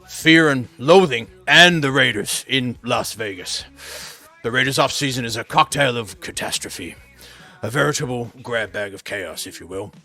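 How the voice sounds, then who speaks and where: A manic gonzo-journalist narrator with a put-on Irish lilt, as a man puts him on, spinning florid, theatrical rants. The voice rings bright and sharp at an ordinary pitch. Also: animated, normal speed, gravelly, faint music behind, exaggerated voice.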